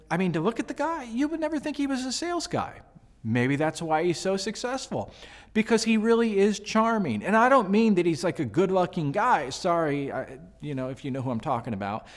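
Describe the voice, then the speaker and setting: A man giving casual sales advice, chatty and animated, with jokes and asides to the viewer. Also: fairly high pitch. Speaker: sales coach. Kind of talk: casual advice talk to camera.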